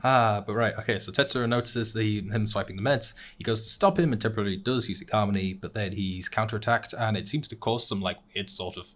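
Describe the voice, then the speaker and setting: A man's voice: fairly low pitch, steady tone, fast, few pauses, fairly bright tone. Chatty young man recapping anime plots. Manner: rambling recap with frequent "uh" and restarts, laughs at his own jokes. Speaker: podcast co-host recapping anime episodes. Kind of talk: casual chat.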